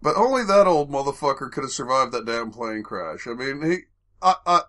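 A man hosting a podcast in casual banter, swearing freely, excitable, with loud outbursts. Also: medium pitch, a little fast. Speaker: podcast host.

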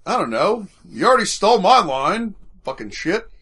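A man hosting a podcast in casual banter, swearing freely, excitable, with loud outbursts. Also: high voice, normal speed, very noisy. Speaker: podcast host.

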